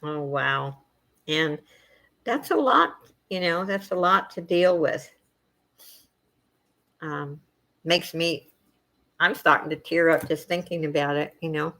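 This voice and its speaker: Slow, low-voiced woman chatting gently. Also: steady tone. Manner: soft-spoken, meandering, emotional, many fillers. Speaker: channel host chatting with viewers. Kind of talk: casual live chat.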